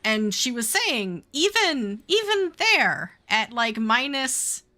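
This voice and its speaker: A woman chatting casually on a livestream, telling things slowly and deliberately. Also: fairly high pitch, sing-song, sharp tone.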